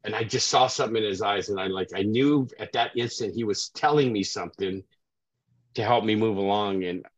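A middle-aged sobriety coach tells his life story in a casual interview, often checking in with "right?". His voice is fairly low and a little fast, captured as dry, dull, lo-fi call audio with no echo.

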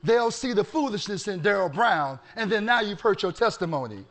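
Preacher, male, high-pitched with gravelly fry, animated storytelling sermon. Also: fairly quick. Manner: animated storytelling, bursts into shouting. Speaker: pastor.

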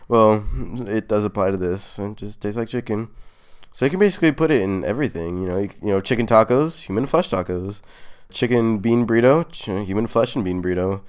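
Deep-voiced killer character, casual and deadpan, crude boasting, a man doing the bit. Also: fairly quick, clean tone, natural voice. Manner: deadpan, nonchalant bragging. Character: boastful adult male serial killer, gleefully crude. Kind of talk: comedic improvised interview skit.

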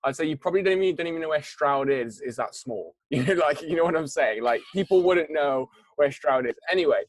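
A man's voice: fairly high pitch, lively intonation, brisk, no room sound. A man chatting casually about business, rambling with many restarts and asides. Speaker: entrepreneur guest. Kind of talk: casual chat.

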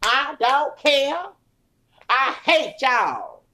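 A woman voicing a rebellious young woman who loudly defies her parents, brash and swearing. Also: high voice, big pitch swings, drawn-out words, pitched above the performer's own voice, heavily acted. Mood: defiant. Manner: loud, brash and defiant, swearing.

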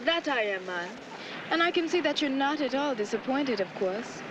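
A woman working undercover in a 1970s film, with a put-on Jamaican accent and a lively, rising-and-falling delivery. Her speech is set against loud outdoor street and water noise in the clip. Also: high voice, moderate pace, lo-fi sound. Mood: coolly flirtatious.

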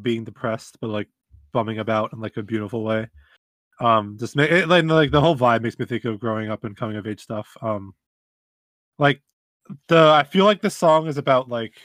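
A man's voice: mid-range voice, a bit bright, no echo. A man with a mid-range voice talks about songs in an easygoing, chill way, and "like" turns up often. The recording is dry and close, with no room sound. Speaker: music podcast co-host. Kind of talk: casual music review chat.

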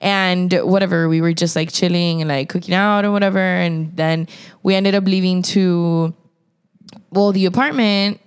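A woman's voice: on the low side, steady tone, moderate pace, smooth. A young woman co-hosting a casual chat, telling stories animatedly with lots of swearing and laughter.

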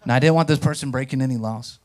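A pastor preaching a sermon, telling stories with animation and speaking directly to the congregation. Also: male voice, medium pitch, quick pace. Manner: animated storytelling, acts out quotes. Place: church.

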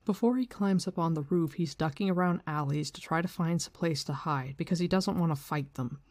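Book-discussion host, casual and slangy, middle pitch, very dry sound. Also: fairly quick, darkish tone, no echo. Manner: casual, swears, slangy retelling. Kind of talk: casual book discussion with read-aloud passages.

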